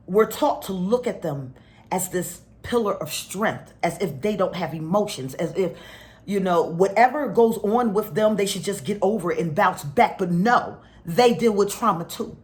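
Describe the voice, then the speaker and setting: A middle-aged woman speaks to her spiritual followers with a lively, swooping voice. She tells stories with feeling and often drops to a hushed, near-whispered tone when the point gets heavy. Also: medium pitch, unhurried. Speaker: spiritual teacher.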